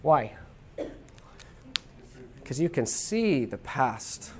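A lecturer from the United States, giving an informal classroom talk in a chatty way, with quick asides and checks like "okay?". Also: mid-range voice, big pitch swings, a little mellow, breathy edge.

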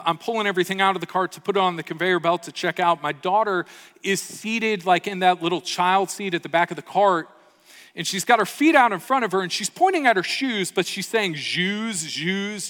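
Bright-voiced pastor in reverberant hall. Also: male voice, high-pitched, brisk. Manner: earnest, storytelling with rhetorical "right?" checks. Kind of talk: sermon. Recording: long reverb of a large hall.

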